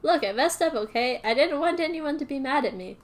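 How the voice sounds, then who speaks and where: A woman's voice: high-pitched, expressive, a little fast. A woman voicing a guilty, people-pleasing teenage boy in her fan fiction, defensive and apologetic. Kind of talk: reading fan fiction aloud.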